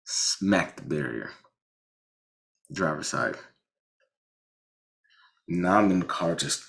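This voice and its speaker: A man casually telling a personal story about a car accident, animated, with frequent restarts and blunt swearing. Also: low voice, takes it slowly, creaky, long pauses.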